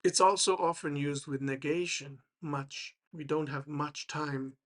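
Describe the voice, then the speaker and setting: A man teaches English grammar in a measured, unhurried way, pausing often with fillers and restarting his phrases. His voice sits somewhat high for a man and his pace stays slow throughout. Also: fairly even intonation, fairly bright tone. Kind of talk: explaining grammar to learners.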